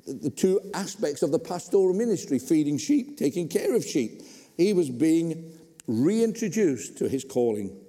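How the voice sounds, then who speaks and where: A man preaching a sermon in a church, conversational and animated with humorous asides. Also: on the high side, normal speed. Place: church hall. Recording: long reverb in a hall.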